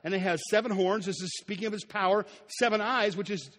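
High-pitched preacher in a reverberant hall. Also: male voice, quick pace. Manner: animated preaching, acting out scenes and dropping to a near whisper. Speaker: pastor. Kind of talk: sermon. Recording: echoey hall with long reverb.

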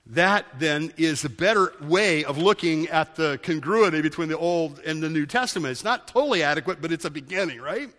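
High, bright-voiced preacher in a hall. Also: male voice, a little fast, few pauses. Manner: emphatic, repeats key words for stress. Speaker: pastor. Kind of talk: sermon.

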